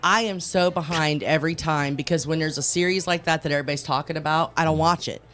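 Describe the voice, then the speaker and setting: A woman co-hosting a radio show, chatting animatedly and jumping in with quick agreement. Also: sits low, steady tone, fairly bright tone. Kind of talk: casual radio chat. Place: radio studio.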